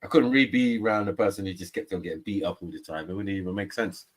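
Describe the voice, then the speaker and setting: A man's voice: deep voice, quick pace. A man, hosting a stream and teasing a co-host in casual banter. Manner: teasing, slangy, breaks into voices and song. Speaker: livestream host.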